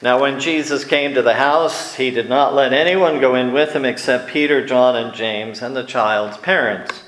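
A man preaching a sermon, slow and deliberate, growing animated when he acts out the scene. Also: mid-range voice, echoey room, rough recording.

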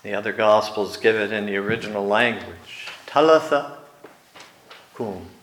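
A man preaching a sermon, slow and deliberate, growing animated when he acts out the scene. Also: lowish voice, echoey room, a little hiss or hum, poor audio.

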